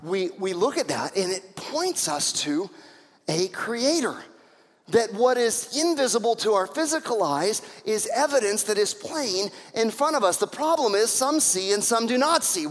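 A man with a high voice preaches a sermon, retelling scripture stories with lively energy and briefly acting out the people in them. His voice rings out with the long reverb of a large hall. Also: normal speed. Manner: animated storytelling with acted-out voices. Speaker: pastor.

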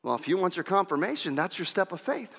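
Male pastor, very high bright voice, emphatic repeating delivery, long reverb of a church hall. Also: big pitch swings, fast, creaky, husky. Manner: emphatic, repeats phrases for effect. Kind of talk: sermon.

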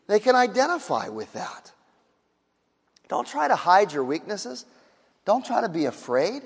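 A man preaching a sermon as pastor, emphatic and repetitive, rising to shouts and dropping low. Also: very animated, measured pace, creaky, pauses often, slightly rough. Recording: hall reverb.

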